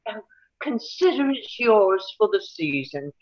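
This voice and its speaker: A woman reading a shrewd older society hostess at a table read, measured and dry. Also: medium pitch, very animated. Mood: gracious. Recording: dull lo-fi sound.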